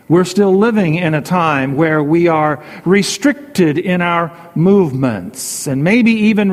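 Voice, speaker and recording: A pastor delivers a sermon in a notably high voice, taking each phrase slowly and deliberately. He repeats key lines for emphasis. His voice carries a long reverb, as if he is speaking in a large hall. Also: a little mellow. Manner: measured preaching with repetition and slow emphatic phrases.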